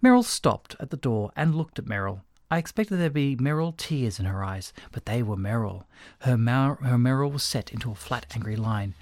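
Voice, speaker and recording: Brief: animated male narrator for a comic storybook, dry and close. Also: mid-range voice, normal speed, no room sound. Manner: expressive, animated reading.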